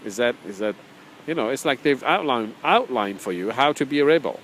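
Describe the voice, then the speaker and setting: A man's voice: medium pitch, lively intonation, brisk, fairly bright tone, slight background noise, rough recording. A man teaching an informal spoken course, talking conversationally, repeating phrases and chuckling often, sometimes reading from his own book. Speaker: spiritual teacher.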